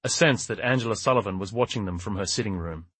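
A man narrating a crime novel audiobook in a steady, measured way. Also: on the low side, husky, dry recording. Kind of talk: scripted narration.

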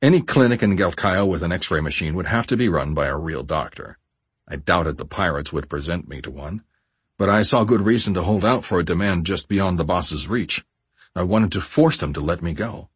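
A man narrating a first-person memoir audiobook in a measured, steady way. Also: deep voice, slightly rough, dry recording.

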